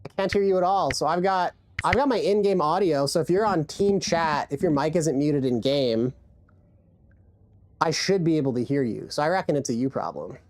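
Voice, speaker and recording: A woman's voice: low voice, normal speed, a little mellow. A woman game streamer chatting casually and profanely, rambling with many restarts into a desk mic. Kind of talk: casual live-stream chat.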